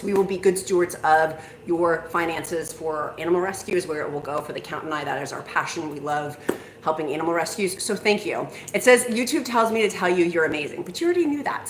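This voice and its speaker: A woman hosting a casual live stream, chatty and bubbly, reading viewer comments aloud. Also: on the low side. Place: home kitchen. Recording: echoey room, faint noise.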